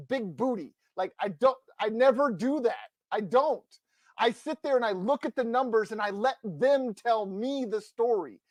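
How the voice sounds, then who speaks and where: A man's voice: sits high, no echo. Fired-up sports podcast man, dry close mic. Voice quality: passionate, emphatic and combative. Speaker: podcast co-host.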